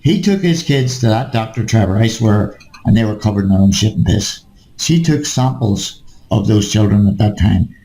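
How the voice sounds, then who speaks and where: A man ranting in casual conversation, swearing freely and tagging "mate" onto his points. His voice is dark and mellow, and his words bounce around a roomy, echoey space. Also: on the low side, expressive, moderate pace. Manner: ranting, profane, keeps addressing the listener as mate. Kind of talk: casual chat.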